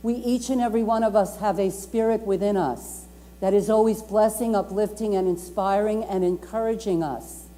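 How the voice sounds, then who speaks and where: Warm-voiced woman minister preaching. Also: medium pitch, fairly even intonation, normal speed. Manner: emphatic, repeats key phrases, invites the congregation to speak along. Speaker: reverend. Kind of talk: Sunday sermon. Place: community lounge at a YMCA. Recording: long reverb from a lounge room.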